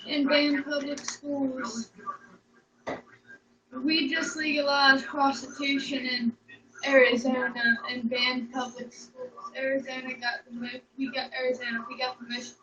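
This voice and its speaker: A woman's voice: high voice, little pitch movement, a little slow, fairly bright tone. A young woman chatting casually on a livestream, rambling, joking and swearing freely. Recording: echoey room, distant mic, dull sound.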